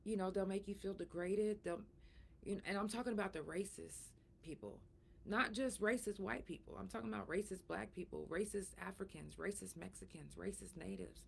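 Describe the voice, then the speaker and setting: Frank, gravelly-voiced woman podcast host. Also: medium pitch, fairly quick, slight background noise. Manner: emphatic, preachy and frank. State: in pain after surgery, soft and breathy at times. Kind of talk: casual solo talk.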